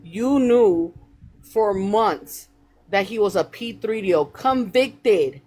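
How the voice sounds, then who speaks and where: A woman's voice: medium pitch, lively intonation, slow pace, darkish tone. A woman host who confronts a guest on a live call, swearing and repeating her questions.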